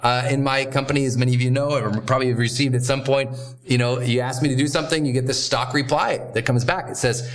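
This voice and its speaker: A man hosting a motivational training talk, coaching in a direct, emphatic way with quick asides. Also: mid-range voice, fairly even intonation. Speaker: host and coach.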